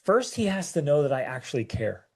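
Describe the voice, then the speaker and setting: A man co-hosting a parenting talk, telling a personal story in a halting, emotional way, full of restarts and repeated words. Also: on the high side, very animated, slightly rough. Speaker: parenting show co-host.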